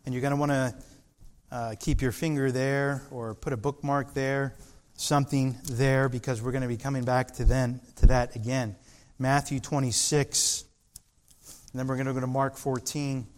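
A man's voice: medium pitch, little pitch movement, moderate pace. A man preaching a sermon, reading scripture aloud and acting out Peter's insistent lines with rising emphasis.

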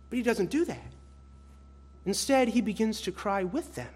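A male preacher giving an expository sermon, addressing his listeners as beloved, swinging between loud emphatic stress and hushed soft phrases. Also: sits high, animated, moderate pace, long pauses, breathy edge.

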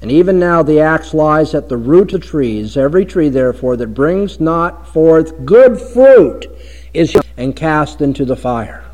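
A man preaching an expository sermon on a Bible passage, swinging from soft reflection to emphatic, pleading delivery. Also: fairly high pitch, animated, unhurried, poor audio.

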